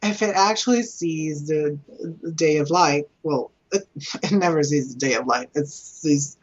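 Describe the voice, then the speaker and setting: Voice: medium pitch, measured pace. A co-host of a casual home-made chat show, giggly and teasing, talking loosely with a friend. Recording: dull lo-fi sound.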